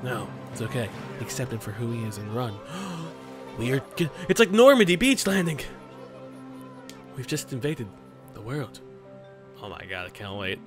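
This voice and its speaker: An excitable young man chattering over a video game, veering from mumbled asides to sudden yelps as he coos at his creature and reads prompts aloud. His voice sits at an ordinary middle pitch, with faint music playing underneath. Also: moderate pace, pauses often. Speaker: gaming YouTuber. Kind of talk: let's play commentary.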